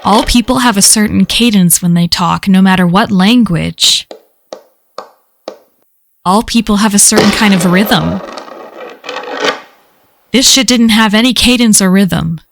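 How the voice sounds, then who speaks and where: A woman's voice: medium pitch, measured pace, creaky, long pauses, slight background noise. A woman reading a first-person horror story aloud in a casual, profane way. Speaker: story reader.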